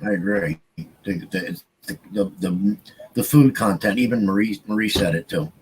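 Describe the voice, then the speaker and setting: A man's voice: on the low side, lively intonation, normal speed, slight background noise, rough recording. A man co-hosting a podcast livestream, talking loosely with frequent restarts and repeats. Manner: loose, repetitive, restarts often. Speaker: podcast co-host. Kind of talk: casual livestream chat.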